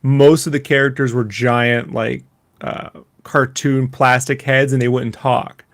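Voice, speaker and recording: A man's voice: mid-range voice, level tone, unhurried. A man co-hosting a podcast in a laid-back, slangy, joking way. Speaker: podcast co-host. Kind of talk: casual podcast banter.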